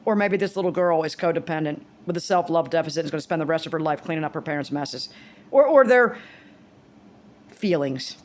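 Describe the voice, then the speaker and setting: A woman's voice: low voice, lively intonation, brisk. A woman in her fifties talking casually to camera, rambling and blunt, swearing freely and restarting her sentences. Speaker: vlogger.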